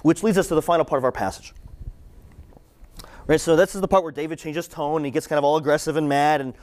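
Speaking at a quick pace with a steady tone and a slightly high voice, a man preaches to students in a relaxed, conversational style. He's a campus ministry speaker who says his questions twice for emphasis and keeps tossing in "like" and "right?"

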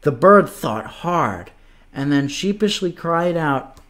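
Lively, slow-reading man telling a kids' story. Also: a little high. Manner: animated, playful, slow storytelling with animal noises. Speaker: children's story reader. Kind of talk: reading a picture book aloud to children.

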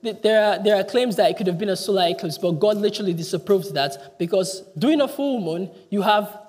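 A man preaching a sermon in earnest, stumbling and restarting often, dropping his voice low when he quotes a cry. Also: fairly quick, darkish tone. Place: church hall. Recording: long church hall reverb.

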